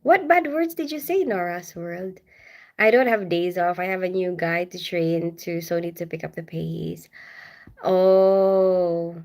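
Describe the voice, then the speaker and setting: This livestream host is a middle-aged woman from the Philippines whose voice sits on the low side, with a darkish tone and a measured pace. Broadcasting casually from home, she reads comments aloud and greets viewers by name amid frequent laughter.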